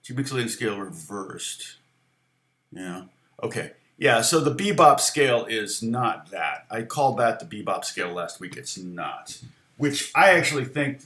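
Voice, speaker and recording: A man's voice: on the low side, a bit bright, reverberant, slight background noise. Chatty middle-aged man teaching guitar. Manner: rambling, chatty, lots of fillers and restarts. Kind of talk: casual livestream guitar lesson.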